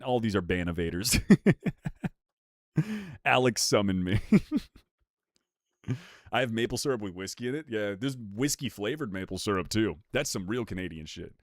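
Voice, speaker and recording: A man's voice: mid-range voice, no echo, studio quality. A young man streaming live, bantering with chat in a joking, profane way.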